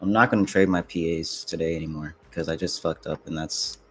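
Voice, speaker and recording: A young man with a very low, deep voice mutters his way through a live trading stream, cursing and grumbling at himself. He talks casually to his viewers between exasperated outbursts. A faint hiss of room noise sits under the voice. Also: fairly even intonation, a little fast, a bit bright. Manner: frustrated, swearing, muttering to himself. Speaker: livestreaming futures trader.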